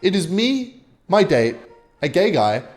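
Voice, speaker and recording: A young man telling a rambling, swear-filled story while commentating his own gameplay, with sudden excited outbursts. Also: sits high, a little slow, faint music behind. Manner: animated, swearing, bursts of excitement while playing. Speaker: gaming vlogger.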